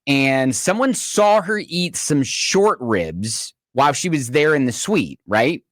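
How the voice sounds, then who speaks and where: A man's voice: mid-range voice, sing-song, slow pace, a bit bright, no echo, studio quality. A man co-hosting a radio talk show, chatting casually, laughing easily and reading out listener messages.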